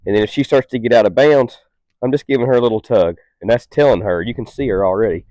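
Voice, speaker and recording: A man working as a dog trainer, who explains his methods calmly and patiently and gives short, stern commands to a dog. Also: mid-range voice, fast, no echo. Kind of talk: instructional demonstration.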